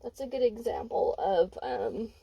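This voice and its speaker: A woman's voice: fairly high pitch, very animated, unhurried, mellow, breathy edge, no echo, low-quality recording. A young adult woman giving a casual spoken card reading, candid and emphatic, swearing freely. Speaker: intuitive card reader. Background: dog barking.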